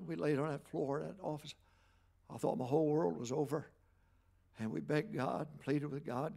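Older pastor preaching, folksy, kinda high and gravelly, gets loud then drops soft. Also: male voice. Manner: folksy preaching, swings from loud exhortation to quiet storytelling. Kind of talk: sermon.

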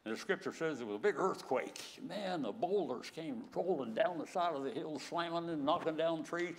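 A man's voice: a little high, normal speed. A man in his nineties preaching a sermon, telling stories and chuckling often as he acts out scripture. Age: 90s.

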